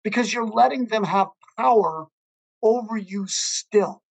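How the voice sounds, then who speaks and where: A man's voice: high voice, a little slow, vocal fry, breathy edge. A male podcast host talks earnestly in a conversational interview. He leans into storytelling and repeats phrases as he works through a point.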